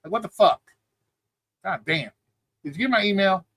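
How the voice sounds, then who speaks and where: A man hosting a live stream pushes his point in a blunt, cursing, lecturing way. His voice sits high and bright. The sound is dry and close, with no room around it. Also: animated, moderate pace, dry recording. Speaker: streaming show host. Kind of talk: heated livestream argument.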